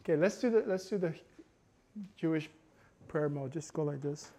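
Expressive male pastor, slightly high voice. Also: moderate pace. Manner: expressive, swings between hushed and emphatic. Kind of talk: sermon with personal storytelling.

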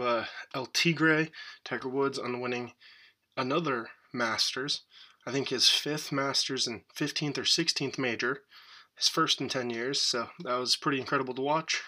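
A man's voice: mid-range voice, pushed and bright. A man co-hosting a sports podcast, talking in a loose, rambling way full of fillers. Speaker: podcast co-host. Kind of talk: casual sports podcast chat.

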